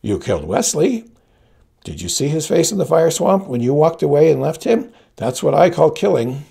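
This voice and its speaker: A man's voice: fairly high pitch, sing-song, moderate pace, vocal fry, dark tone, breathy edge, pitched above the performer's own voice, heavily acted. Man putting on a cold accusing dream baby. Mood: shrill accusing. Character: accusing infant, small and cold.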